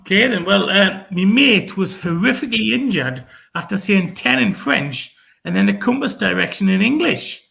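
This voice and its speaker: High, gravelly-voiced pun teller. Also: male voice, animated, moderate pace, pushed and bright. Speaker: pun contestant. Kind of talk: telling a pun joke.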